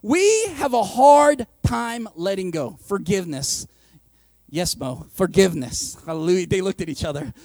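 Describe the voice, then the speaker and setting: A man's voice: high voice, expressive, moderate pace, a little mellow, dry recording. A man preaching a sermon as pastor, casual and joking, acting out the voices of his listeners.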